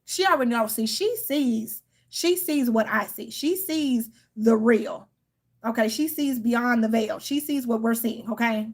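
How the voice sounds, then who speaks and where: This tarot reader and channel host speaks a little slowly in a slightly high voice as she casually vents to viewers. She's tired and irritated, and her story is heated and profane, with outbursts acted out in quotes.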